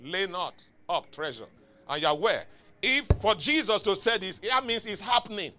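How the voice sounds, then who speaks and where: High, bright-voiced emphatic male pastor. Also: animated, moderate pace. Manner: emphatic, exhorting, calls for congregation responses. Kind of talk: sermon. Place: church. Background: faint music from outside.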